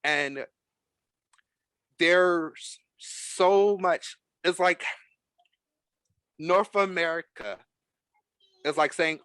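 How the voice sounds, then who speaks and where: A man hosting a casual podcast chat, talking in an animated, emphatic way. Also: fairly high pitch, extremely slow, long pauses, clear, resonant tone, dry recording. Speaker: podcast host.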